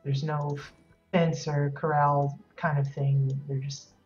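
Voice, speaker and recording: This woman's voice is low-pitched and a little mellow, with a flat delivery and a slow pace. She's a streamer losing her voice, so it sounds a little worn as she chats casually, rambling and hesitant with many fillers, while decorating in a game. Music plays under the dull, lo-fi stream audio.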